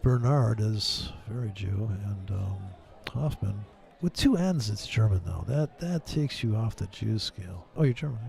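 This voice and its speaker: Profane rambling man, mellow voice. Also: fairly low pitch, expressive, measured pace, creaky, hardly any pauses. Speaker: livestream trading host. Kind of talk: casual ranting chat with viewers.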